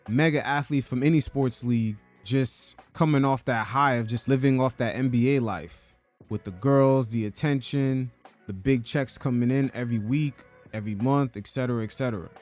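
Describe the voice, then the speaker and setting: A man's voice: mid-range voice, normal speed, darkish tone, faint music behind. Male podcast host; casual, wry commentator, mid-range voice. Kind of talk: commentary over an interview clip.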